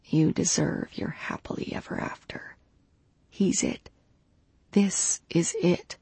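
A woman voicing a tired, kind female friend who speaks gently in an audiobook. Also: sits low, slow, slightly rough, dry recording, full character voice. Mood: gentle. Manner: soft-spoken, gentle.

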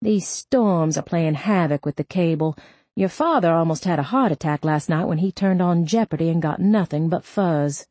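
A woman's voice: fairly low pitch, moderate pace, warm tone, no room sound, natural voice. A woman reading an audiobook, voicing a middle-aged mother whose voice is soothing yet firm. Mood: chatty.

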